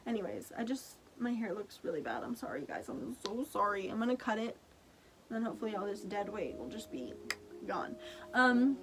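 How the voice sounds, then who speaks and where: A young woman vlogging, telling a story to camera in a chatty, animated way, laughing often and saying "like" a lot. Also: a little high, moderate pace, noisy background.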